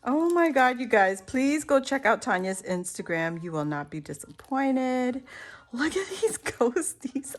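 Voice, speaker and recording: Woman, slow and breathy-excited, gushing, craft haul vlog. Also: medium pitch. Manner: gushing, exclaims and gasps often, laughs between lines. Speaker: crafting YouTuber.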